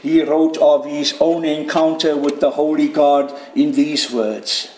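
A man with a high voice preaches slowly and deliberately, letting each phrase land. His delivery swings from quiet, low passages up to loud shouted peaks. The sound is roomy, with the echo of a church hall. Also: fairly even intonation, slight background noise. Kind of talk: sermon. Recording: echoey room.

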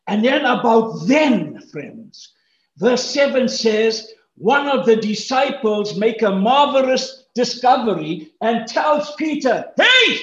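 A man preaching a sermon, animated and acting out the speakers' lines with big jumps in pitch. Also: slow pace. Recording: roomy echo, dull lo-fi sound.

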